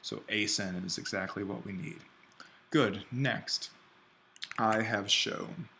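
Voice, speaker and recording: A man teaching an online Greek grammar lesson, thinking aloud and slowing down to spell out each form. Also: on the low side, gravelly, pushed and bright, slight background noise. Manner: explains step by step, thinking aloud; slows down to spell out Greek forms.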